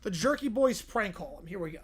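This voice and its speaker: A woman hosting a casual livestream, reading silly stories aloud in an animated way and laughing often. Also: mid-range voice, a little fast, husky. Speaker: livestream host.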